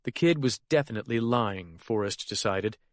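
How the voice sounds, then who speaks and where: A man reading a crime thriller in a steady, measured narration. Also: lowish voice, no room sound, studio quality. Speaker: audiobook narrator. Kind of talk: scripted narration.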